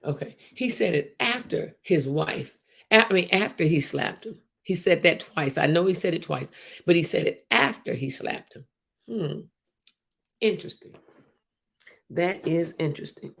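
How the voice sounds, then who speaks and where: Animated woman with a gravelly voice. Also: lowish voice, moderate pace. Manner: animated and emphatic, with frequent restarts and repetition. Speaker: host of a livestream show. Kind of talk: casual livestream commentary, reading viewer comments.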